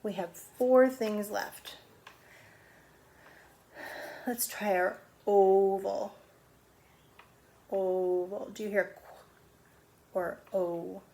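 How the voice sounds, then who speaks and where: A woman's voice: mid-range voice, fairly even intonation, extremely slow, gravelly, pauses often, mellow. A middle-aged woman teaching a phonics lesson to young children, patiently sounding out words.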